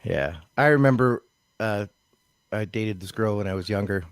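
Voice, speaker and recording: A man chiming in on a podcast with quick jokes and an animated retelling of his own story. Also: fairly low pitch, clear, resonant tone, no room sound. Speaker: podcast co-host. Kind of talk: casual banter.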